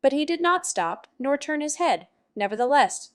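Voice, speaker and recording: A woman narrating an audiobook in a measured, subdued way. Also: sits high, very animated, no echo, studio quality. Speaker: audiobook reader.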